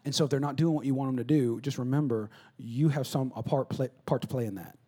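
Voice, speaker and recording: A man preaching a conversational sermon, acting out little dialogues and swinging between loud bursts and hushed asides. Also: medium pitch, fast, breathy edge. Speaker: pastor.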